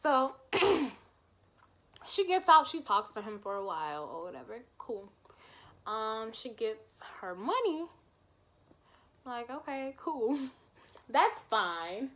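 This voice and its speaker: A woman with a high voice tells a story to camera in a storytime vlog. She is animated and chatty, and she swears casually as she goes. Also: slow, long pauses. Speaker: vlogger.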